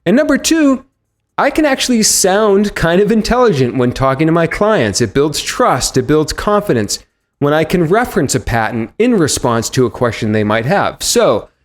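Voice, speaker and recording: A man hosting a podcast, giving an energetic, upbeat intro to his episode. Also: fairly high pitch, normal speed. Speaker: podcast host.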